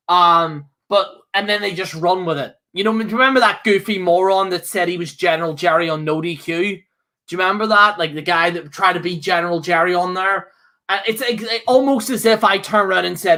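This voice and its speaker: A man's voice: sits high, a little fast, pushed and bright. A man co-hosting a podcast, ranting with fiery, profane outbursts broken up by laughter. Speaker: co-host. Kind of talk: heated podcast rant.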